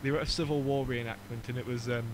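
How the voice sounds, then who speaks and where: Brief: young Northern English host, mid-pitched, wry mocking banter, audible background noise. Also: male voice, steady tone. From Northern England. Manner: joking, rambling, quick to mock. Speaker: podcast host. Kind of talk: casual chat.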